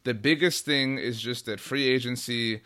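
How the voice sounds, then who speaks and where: A man's voice: mid-range voice, moderate pace, pushed and bright. A man hosting a casual sports talk show, playful and teasing with dry humor.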